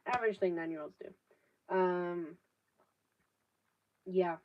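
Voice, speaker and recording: A woman's voice: lowish voice, slow, slight background noise. A 19-year-old woman, chatting casually on a live stream, rambling with lots of fillers and casual swearing. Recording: distant, dull laptop audio.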